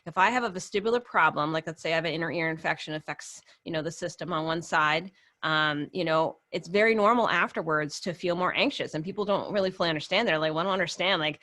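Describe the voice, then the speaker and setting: A woman clinician explaining in a casual professional discussion, chatty and quick to laugh, often acting out what patients say. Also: sits low, sharp tone, no echo, studio quality. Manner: chatty, laughs often, acts out quoted voices.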